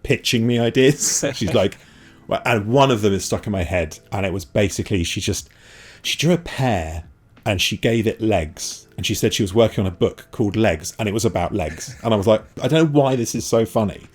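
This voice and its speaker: Low husky man chatting casually. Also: moderate pace. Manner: rambling, self-deprecating, many fillers. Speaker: animator guest. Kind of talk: casual podcast chat.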